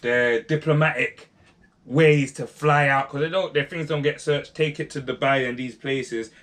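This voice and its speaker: A man's voice: mid-range voice, steady tone, normal speed, fairly bright tone. A young man giving casual, slangy commentary to his viewers, rambling off topic and often asking them to comment. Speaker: vlogger.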